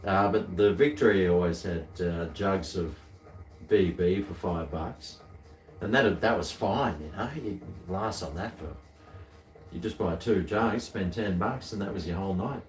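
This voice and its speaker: A man's voice: deep voice, a little slow, darkish tone, reverberant, recorded from a distance. A man with an Australian accent, chatting casually as co-host of a live stream, rambling with many restarts. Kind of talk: casual chat.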